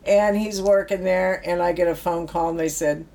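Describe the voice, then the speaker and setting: Middle-aged woman, casual storyteller who acts out quotes, somewhat low voice, animated delivery. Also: normal speed. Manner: animated storyteller acting out quotes, laughs often. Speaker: guest telling stories about work with youth.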